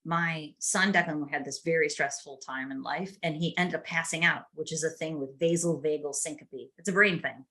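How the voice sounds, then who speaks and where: A woman's voice: deep voice, fairly even intonation, normal speed, hardly any pauses, pushed and bright. A middle-aged woman hosting a podcast, telling family stories in a chatty, casual way with laughs. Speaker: podcast host. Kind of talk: casual chat.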